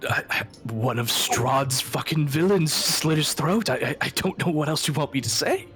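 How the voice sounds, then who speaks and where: A man's voice: on the high side, expressive, fairly bright tone, voice pushed up. Give me a man playing a stammering young village woman, wary and grieving, faint music under her. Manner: stammering, halting.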